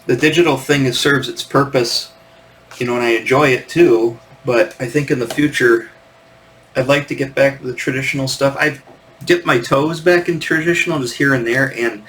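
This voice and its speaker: A middle-aged man in a loose, rambling solo chat, full of "you know" and restarts. His voice sits in an ordinary middle pitch. He sounds relaxed and enthusiastic as he clicks through pages. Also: poor audio. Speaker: comic artist and video host. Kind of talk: casual solo talk, screen-share commentary.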